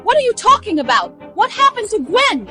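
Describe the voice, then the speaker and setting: High-pitched, lively, commanding rich matriarch, soft music behind. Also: female voice, brisk. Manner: commanding, sharp. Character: wealthy commanding older woman chairman.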